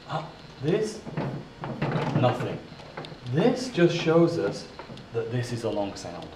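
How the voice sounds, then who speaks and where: A man teaches pronunciation at a very slow, deliberate pace, spelling out letters and repeating each word. His voice sits back from the mic in an echoey room with a faint hiss underneath. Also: mid-range voice, big pitch swings, a little mellow. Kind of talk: slow classroom pronunciation drill. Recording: roomy echo, voice from a distance.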